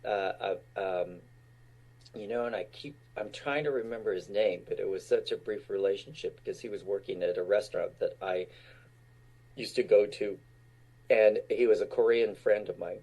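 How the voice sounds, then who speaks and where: Guest actor, sixties, from Utah: husky, low voice, laid-back anecdotes punctuated by laughter. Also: male voice, moderate pace, warm tone. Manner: laughs often while recounting stories. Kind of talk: casual storytelling.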